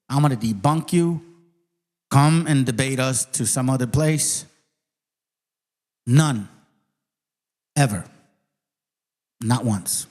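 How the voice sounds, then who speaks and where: A man's voice: fairly high pitch, a little mellow. A man hosting his own channel, talking bluntly in streetwise slang and swearing heavily. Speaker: channel host. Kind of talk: profane casual commentary.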